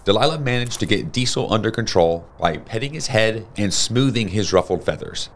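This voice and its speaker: A man reading a children's storybook aloud in a steady, plain storytelling manner. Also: on the low side, moderate pace, a little hiss or hum. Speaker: storybook reader.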